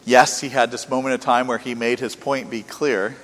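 A man's voice: medium pitch, little pitch movement, moderate pace, a bit bright. Earnest preacher man in a reverberant hall. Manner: earnest, rising and falling with emphasis, rhetorical questions. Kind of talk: sermon.

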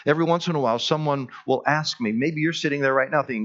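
A male pastor preaches a sermon in church, earnest and emphatic, stretching out the words he wants to land. His voice sits a little high, and the recording has a slightly dull, lo-fi sound. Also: fast, a bit bright.

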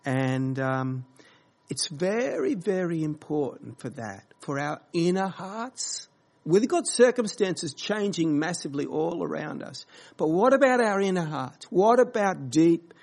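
Male pastor, slightly high voice, slow halting earnest delivery. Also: very animated, gravelly, a little mellow. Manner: slow, halting, earnest preaching with many fillers. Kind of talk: sermon.

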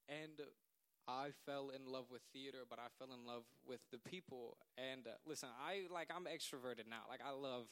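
Teen guy, crisp bright voice, rambling heartfelt thank-you speech. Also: mid-range voice. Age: late teens. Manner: earnest, rambling, laughing at himself. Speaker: young man giving a thank-you speech.

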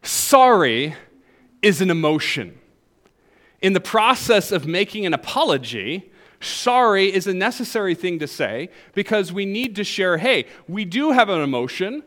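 A man's voice: sits high, unhurried. A male pastor with a Southern US accent preaching a sermon, joking with the congregation. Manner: animated, jokes with the congregation.

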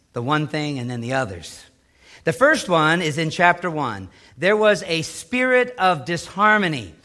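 A middle-aged male pastor delivers a sermon with a high, bright voice. He swings dramatically between loud, emphatic lines and hushed, low asides, giving the preaching a dynamic, animated feel.

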